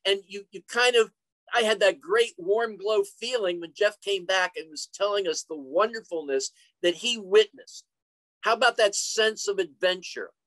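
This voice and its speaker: A man's voice: high voice, moderate pace, fairly bright tone, no echo, rough recording. An older man presenting an online career talk, chatty and full of stories and joking asides. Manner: chatty, storytelling, jokey asides. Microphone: computer mic on a video call.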